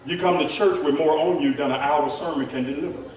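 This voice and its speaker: High-voiced preacher in an echoey church. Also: male voice, a little fast, very noisy. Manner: rising to shouted preaching, talks to the congregation. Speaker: pastor. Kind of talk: sermon. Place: church sanctuary. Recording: echoey church hall from far off, congregation. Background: congregation responding.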